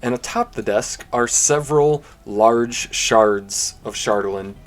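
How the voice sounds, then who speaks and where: A man narrating a tabletop game as game master in a measured, descriptive way. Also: medium pitch.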